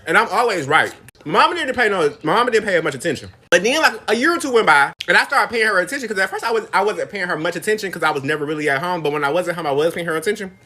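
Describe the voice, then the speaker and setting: A woman's voice: on the low side, expressive, very fast, pushed and bright. A young woman telling gossip about a former neighbor in a casual storytime.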